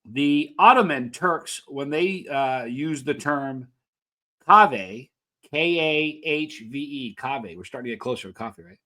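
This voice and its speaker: A man's voice: mid-range voice, lively intonation, a little slow, pushed and bright. A man hosting a casual countdown show, reading facts with playful asides and questions to viewers. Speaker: channel host.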